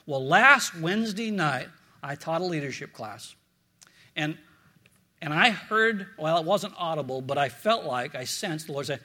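Bright, high-voiced preaching man. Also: expressive, measured pace. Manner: earnest, storytelling, repeats words, drops low for prayers. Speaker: pastor. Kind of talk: sermon.

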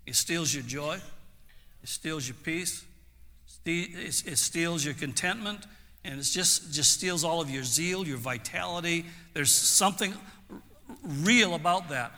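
A man's voice: on the high side, a little slow, sharp tone. A man preaching a sermon as pastor, earnest and stopping to restart his phrases. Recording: long hall reverb.

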